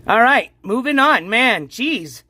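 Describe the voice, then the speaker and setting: A man with a high voice hosts a live stream, chatting casually and reacting with mild exasperation. His tone is bright and crisp, and the sound is dry and close. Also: expressive, slow pace, dry recording. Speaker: stream host.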